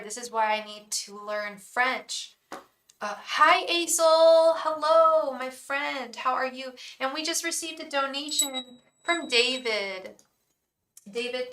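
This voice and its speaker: Chatty woman tarot reader, bright voice. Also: a little high, echoey room. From England. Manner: chatty and effusive, greeting viewers by name, frequent ums and restarts. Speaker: tarot reader hosting a live stream. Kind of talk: casual live-stream chat.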